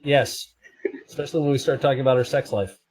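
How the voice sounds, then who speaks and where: A man hosting a casual live stream at his desk, with a middle-pitched voice. He rambles from one thing to the next and cracks self-deprecating jokes. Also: steady tone, quick pace, a little mellow, poor audio.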